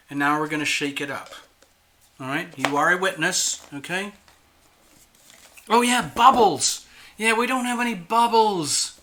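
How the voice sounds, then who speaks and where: A man's voice: fairly high pitch, pushed and bright, slight background noise. A man hosting a tarot channel, chatting casually and playfully to viewers while admitting he feels nervous. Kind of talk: casual solo livestream talk.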